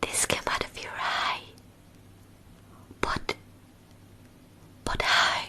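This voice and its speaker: Woman doing an excitable young woman in whispered role-play. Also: very slow. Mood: amazed. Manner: breathless gasping whisper.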